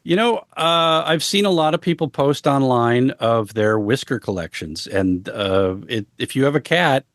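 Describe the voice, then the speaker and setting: Male guest, mid-range voice, hesitant and deadpan, dry close sound. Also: medium pitch, no room sound. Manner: halting, lots of fillers, deadpan jokes. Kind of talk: casual conversation.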